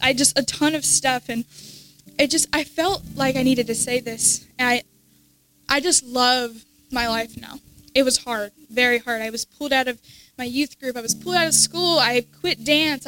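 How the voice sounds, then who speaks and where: A teenage girl speaks in church with a high, light voice, sharing an emotional personal testimony. She stumbles and restarts often, her voice dropping soft in places. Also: poor audio. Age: teens. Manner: halting, many restarts, soft at times. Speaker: congregant giving testimony.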